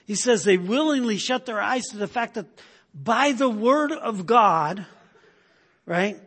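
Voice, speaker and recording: A man's voice: high-pitched, animated, a little slow, fairly bright tone, breathy edge. A man preaching a sermon in an emphatic, conversational way, often checking in with the listeners. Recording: long hall reverb.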